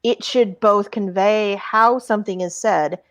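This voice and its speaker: A woman's voice: medium pitch, measured pace, no room sound. A woman from Texas with a mid-range voice, speaking as an author on a live panel. She explains her points with confidence. The recording is dry and close.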